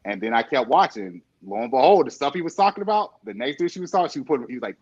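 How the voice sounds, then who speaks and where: A man on an interview show telling a story in a lively way, acting out quotes and laughing often. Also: mid-range voice, fast. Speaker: interview guest. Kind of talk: conversational podcast interview. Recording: dull lo-fi sound.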